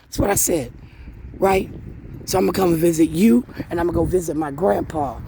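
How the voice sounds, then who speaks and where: A woman ranting about her family in a rambling, agitated way, swearing heavily, her voice climbing higher as she gets angrier. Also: fairly quick, creaky. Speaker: vlogger. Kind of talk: emotional personal rant. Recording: loud vehicle noise behind.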